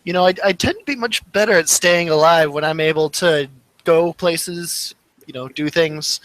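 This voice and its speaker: A man playing in a casual tabletop game, wry and jokey. His voice sits slightly high. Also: normal speed, fairly bright tone, no room sound. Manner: joking, wry. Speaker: player.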